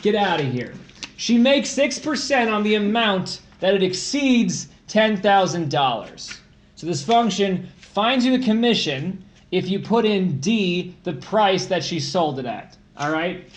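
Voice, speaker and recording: A man's voice: high-pitched, animated, measured pace. A man tutoring test prep on a casual livestream, joking and teasing while he reads problems aloud. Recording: echoey room with faint noise.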